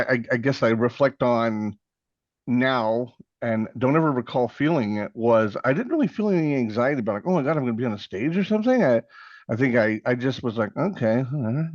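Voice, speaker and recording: A man's voice: mid-range voice, dry recording. Chatty man telling stories, dry muffled sound. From Texas. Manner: rambling, self-mocking, acts out quoted voices. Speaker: podcast guest. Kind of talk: casual interview storytelling.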